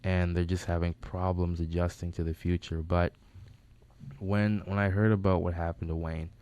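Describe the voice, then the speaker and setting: A man's voice: deep voice, little pitch movement, moderate pace, darkish tone, clear, resonant tone. A man telling rambling, casual stories about a late friend in a recording studio. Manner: rambling, with restarts. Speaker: friend giving a tribute. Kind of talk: casual storytelling.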